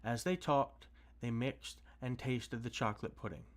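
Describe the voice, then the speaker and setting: A man reading a storybook aloud on a stream, steady with occasional restarts. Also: mid-range voice, normal speed. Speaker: streamer reading books to chat. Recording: faint music behind.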